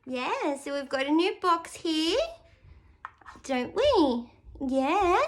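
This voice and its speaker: A woman's voice: sits high, animated, slow pace. A woman talking to her pet parrots in sing-song baby talk. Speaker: pet owner vlogger. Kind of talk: casual chat to a pet bird. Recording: loud background noise with bird squawks. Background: parrots chattering.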